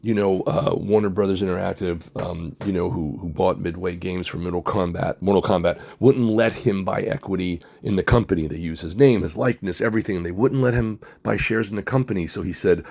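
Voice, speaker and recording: Deep gravelly man, halting and sad. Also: a little mellow. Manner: halting, many fillers, grieving. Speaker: comic artist and director, channel host. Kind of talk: personal tribute vlog.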